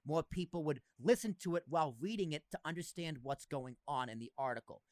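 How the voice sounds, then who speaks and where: A man's voice: on the high side, lively intonation, fairly quick, darkish tone, no room sound. A man in his thirties hosting a podcast, chatting casually and animatedly, with lots of fillers and some swearing. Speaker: podcast host. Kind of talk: casual chat.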